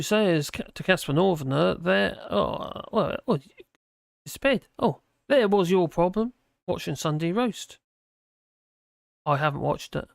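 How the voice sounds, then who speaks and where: A man's voice: high-pitched, creaky, no room sound, clean studio sound. A tired man hosting a livestream, rambling casually through viewer chat and slurring his words a little. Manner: rambling, with frequent restarts and fillers.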